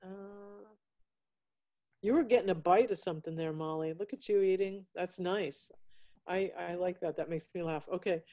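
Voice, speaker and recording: A woman's voice: on the low side, moderate pace, dark tone. A woman author chatting effusively with guests over a video call from her home. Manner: effusive, gushing over pets. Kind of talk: casual chat on a video call. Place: at home, alone.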